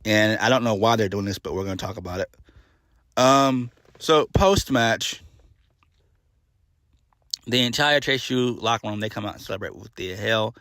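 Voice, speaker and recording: A man's voice: lowish voice, normal speed, pauses often, a bit bright, dry recording. A man giving a casual solo review of a wrestling show, blunt and exasperated, swearing freely and trailing off into fillers.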